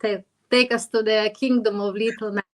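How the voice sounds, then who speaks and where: A woman hosting a podcast interview, effusive and enthusiastic, speaking as a with halting phrasing. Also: medium pitch, fairly even intonation. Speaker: podcast host.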